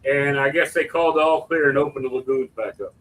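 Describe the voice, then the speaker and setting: A man co-hosting a livestream, telling animated stories and loudly acting out what people said. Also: medium pitch, quick pace, a little hiss or hum, rough recording. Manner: animated storyteller, acts out quotes loudly. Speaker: livestream co-host. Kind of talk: casual chat.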